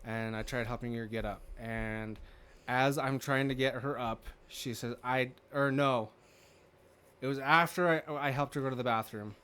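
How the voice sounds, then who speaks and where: A man's voice: medium pitch, fairly even intonation, moderate pace, sharp tone, smooth. A man hosting a podcast, telling a rambling story in casual chat, swearing freely and acting out what people said. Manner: rambling, swears freely, acts out quoted dialogue. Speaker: podcast host.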